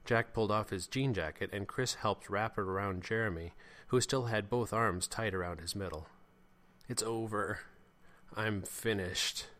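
A man reading a serial story in steady, plain narration. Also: lowish voice, moderate pace.

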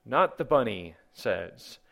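A man's voice: mid-range voice, very animated, slow pace, vocal fry, pushed and bright. Wry male comedy podcast host. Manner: wry, rambling rhetorical questions.

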